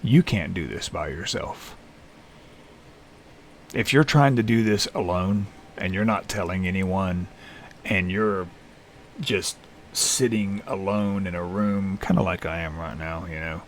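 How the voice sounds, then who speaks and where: A man talking unscripted to camera alone in a small room, tired and halting, with many restarts and fillers. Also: sits low, fairly even intonation, slight background noise. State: lethargic, tired. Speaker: vlogger in recovery. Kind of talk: unscripted personal vlog. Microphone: camera facing speaker.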